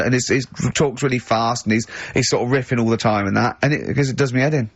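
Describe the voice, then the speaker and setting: A man hosting a radio show, telling stories with animated delivery and laughing loudly. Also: medium pitch, quick pace, hardly any pauses, dry recording. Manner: animated storyteller, bursts of loud laughter. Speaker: radio host. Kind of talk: casual radio banter. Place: radio studio. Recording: dull radio studio sound, dry.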